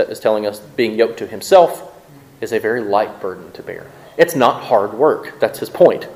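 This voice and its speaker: This pastor's sermon has a conversational feel, peppered with "right?" asides as he checks in with the congregation. He speaks at medium pitch, captured in poor audio.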